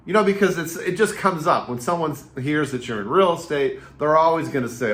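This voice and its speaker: A man in his fifties, a real estate agent and coach, giving casual advice straight to camera and telling stories in a lively, repetitive way. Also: medium pitch, moderate pace. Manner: energetic, chatty storyteller with repetitive phrasing. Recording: roomy echo.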